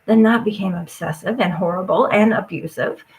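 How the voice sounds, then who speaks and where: A woman's voice: medium pitch, normal speed, low-quality recording. A woman talking straight to her audience in an agitated, rambling rant, swearing often and jumping from point to point.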